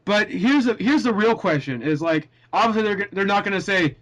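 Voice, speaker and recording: A man's voice: high-pitched, animated, fast talker, hardly any pauses. Rambling young man chatting casually. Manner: rambling, filler-heavy, laughs often. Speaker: podcast host. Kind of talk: casual group chat.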